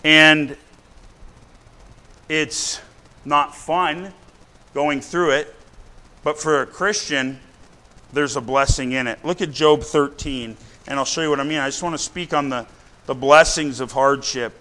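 A man's voice: on the high side, fairly even intonation, a little slow, long pauses, bright, forceful tone. A man preaching a sermon in a church, blunt and conversational, often checking in with his listeners. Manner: blunt conversational preaching, keeps asking "right?". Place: church with a responding congregation.

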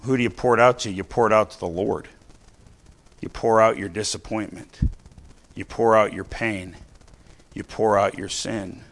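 A middle-aged male preacher with a gravelly, fry-laced voice sitting a little low. He tells his story in a storyteller's way, sometimes dropping soft, sometimes rising loud, and slows right down to land a point. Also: steady tone. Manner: storytelling, varies loudness, slows for emphasis. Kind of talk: sermon with personal story.

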